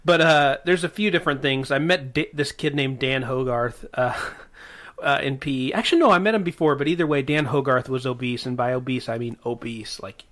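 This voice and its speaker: A man co-hosting a casual podcast, recalling stories in a relaxed way with frequent pauses and uhs. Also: medium pitch. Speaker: podcast co-host. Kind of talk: casual storytelling chat.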